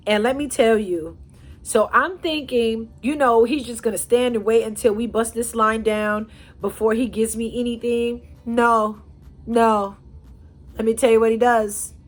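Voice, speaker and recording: A woman telling a personal story to her viewers in a chatty, animated way. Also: a little high. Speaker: storyteller, channel host. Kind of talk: casual storytime vlog.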